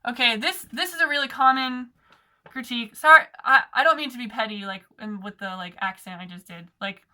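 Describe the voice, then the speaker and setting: Heated, sarcastic young woman, high bright voice. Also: brisk. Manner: sarcastic, heated, many fillers like "like" and "okay". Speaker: organizer giving a talk. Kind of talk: impassioned political talk.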